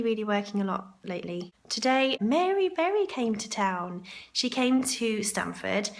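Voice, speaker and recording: A chatty woman talks straight to camera, rambling through her day. Her throat is sore and groggy, and a gravelly fry runs under her voice. She sounds casual and unscripted. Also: medium pitch. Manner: chatty and rambling, with asides to herself. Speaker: vlogger. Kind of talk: chatty vlog monologue. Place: hotel ladies' room for part of it.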